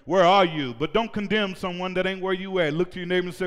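A male pastor preaching a sermon in a church, shouting at times and leading call-and-response with the congregation. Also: high-pitched, steady tone, fast talker, smooth. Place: church sanctuary. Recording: reverberant church hall.

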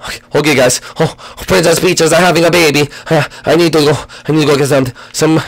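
A man hosting a gaming channel, talking in a rushed, self-correcting casual style. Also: a little high, steady tone, creaky, rough recording. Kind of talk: casual let's-play commentary.

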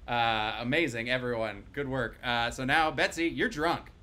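A man's voice: mid-range voice, moderate pace, sharp tone, slight background noise. A man hosting a comedic table read over a video call, cheering on the cast and handing out voices for them to try. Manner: upbeat, encouraging, hands out voices. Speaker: host and director of a live table read.

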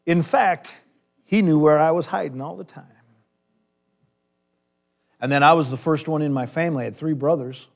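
A man's voice: fairly high pitch, normal speed, creaky, long pauses. Joking pastor man preaching a sermon. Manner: storytelling, jokey asides. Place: church sanctuary.

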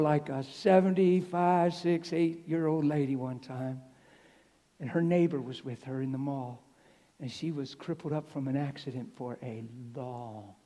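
A man preaching a sermon to a congregation, telling stories in an animated way that drops to a hush and rises to shouts. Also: medium pitch. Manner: animated, swings from hushed to shouting. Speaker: traveling preacher. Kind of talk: sermon with storytelling. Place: church sanctuary. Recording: live church hall reverb.

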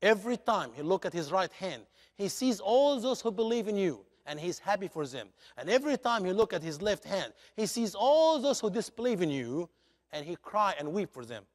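A male guest preacher in a church, telling a story with dramatic, expressive delivery and a high voice that swoops widely. His English grammar is non-native, and a long reverb fills the hall. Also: normal speed. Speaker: guest speaker. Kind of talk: animated sermon storytelling.

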